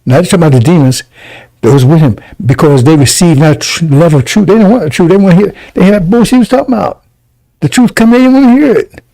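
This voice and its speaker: A man's voice: fairly high pitch, fast, creaky, mellow, rough recording. A man giving heated scripture commentary on a religious broadcast, scornful and rambling, with mocking laughs.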